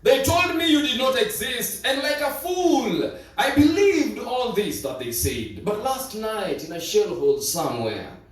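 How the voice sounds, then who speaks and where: A male preacher voicing a frightened young soldier writing a prayer to God, hushed and earnest, as he tells the story in a sermon. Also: extremely high pitch, big pitch swings, unhurried, hardly any pauses, exaggerated voice. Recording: echoey church, far from mic.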